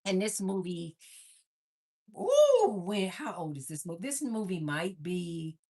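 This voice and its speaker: Lady cooking on a livestream, slow unhurried talk, chatty storyteller vibe. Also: lowish voice, husky. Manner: animated storyteller, talks to viewers as "you guys". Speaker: livestream host. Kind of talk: casual cooking livestream chat.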